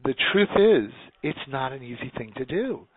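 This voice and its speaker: A man from New York talks in an earnest, rambling way, often restarting his sentences. He comes through a tinny, phone-like line with no room sound at all. His pitch sits at an ordinary middle level. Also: sing-song, normal speed, breathy edge, no room sound. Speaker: guest. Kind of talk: casual conversation.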